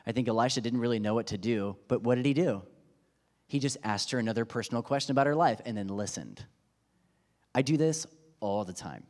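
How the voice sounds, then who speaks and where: A pastor in his thirties preaches in a church sanctuary with a medium-pitched, slightly fast, darkish voice. He's conversational and self-deprecating, often acting out quotes for laughs, and the church hall's long reverb surrounds him.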